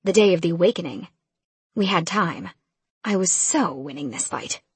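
A woman narrates a novel in first person with a very breathy, husky voice pitched low. Her delivery is brisk and casual. The recording is bone dry and close to the mic. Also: animated, no room sound. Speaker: audiobook narrator.

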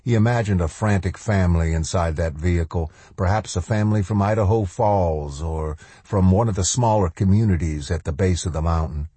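A man narrating an audiobook in a measured, steady storytelling manner. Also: deep voice, husky, no room sound. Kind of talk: scripted narration.

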